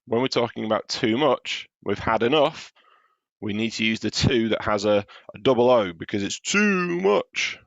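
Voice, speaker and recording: A man's voice: mid-range voice, animated, normal speed, vocal fry, dry recording, dull audio. A man teaching a primary class in a recorded home-learning lesson, patiently explaining step by step as he checks his own writing.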